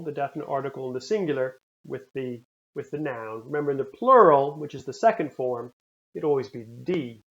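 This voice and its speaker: A man teaching a recorded language lesson, repeating words slowly and carefully for the learner. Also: mid-range voice, highs cut off. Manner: slow, careful pronunciation drills.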